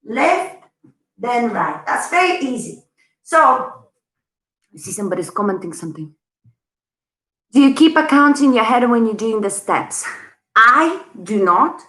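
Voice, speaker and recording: A woman's voice: fairly high pitch, very animated, unhurried, pauses often, pushed and bright, reverberant, poor audio. A woman teaching a live online dance lesson, chatty and bubbly, counting the beats aloud as she goes. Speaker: dance instructor.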